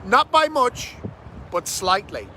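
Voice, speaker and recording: A man talking fast and energetically as a fitness coach, swearing casually, in a casual vlog recorded outdoors under a bridge. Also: high-pitched, big pitch swings, bright, forceful tone, rough recording. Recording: outdoor wind and traffic noise.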